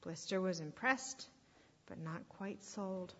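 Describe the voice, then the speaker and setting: A woman reading a story aloud to children at church, expressive and sometimes dropping to a hushed whisper. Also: medium pitch, takes it slowly, breathy edge. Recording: echoey hall, dull lo-fi sound.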